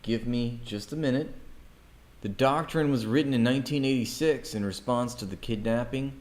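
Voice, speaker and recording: A man's voice: medium pitch, moderate pace, darkish tone. A man reading news articles aloud on a livestream, breaking off with sarcastic, mocking asides to his chat.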